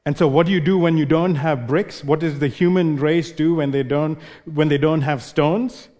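A man's voice: fairly high pitch, steady tone, normal speed, darkish tone, big-room sound. A male preacher giving an expository sermon, explaining and posing rhetorical questions.

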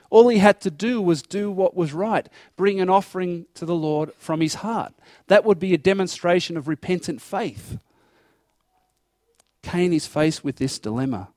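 A man preaches a sermon earnestly, going through scripture verse by verse and acting out dialogue, including God's voice in quotes. His high voice is a little mellow, and the studio-quality recording has no echo.

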